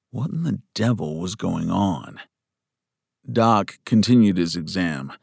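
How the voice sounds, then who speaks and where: A man narrating a western novel in measured scripted storytelling. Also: deep voice, creaky, dry recording, studio quality. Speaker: audiobook narrator.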